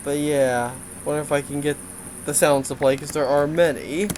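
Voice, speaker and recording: A man's voice: a little high, fairly even intonation, normal speed, background noise. A man giving a casual game development update, rambling with lots of fillers and frequent laughs.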